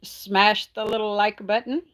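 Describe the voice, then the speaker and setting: A middle-aged woman from Texas chats casually on a livestream recorded on her phone, reading viewer comments aloud and laughing frequently. Her mid-range voice is a bit bright, unhurried, with little pitch movement.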